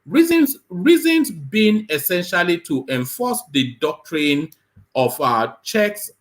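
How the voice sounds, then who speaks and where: A man hosting a live show, reading a news report aloud and breaking off with halting, sarcastic comments full of fillers. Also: sits high, very animated. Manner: halting, many fillers and repeated words; sarcastic asides.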